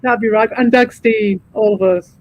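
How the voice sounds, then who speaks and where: A man streaming, chatting casually, swearing freely and rambling with animated energy. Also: high voice, normal speed, muffled recording. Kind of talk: casual chat.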